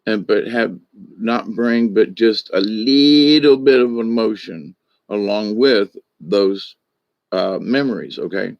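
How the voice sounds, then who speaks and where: A man's voice: lowish voice, slow pace, no echo, muffled recording. A man in his sixties, a spiritual teacher, talking through his thoughts in a reflective monologue with frequent restarts and asides. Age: 60s.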